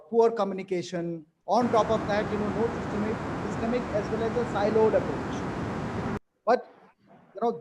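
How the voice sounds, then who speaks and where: High-voiced man moderating, full of fillers. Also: a little mellow. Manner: hesitant, filler-heavy, halting phrasing. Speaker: session moderator. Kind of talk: moderating a panel discussion.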